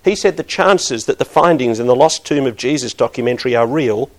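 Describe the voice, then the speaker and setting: A man's voice: mid-range voice, expressive, brisk, few pauses. A middle-aged man preaching a sermon, earnest and building to emphatic bursts.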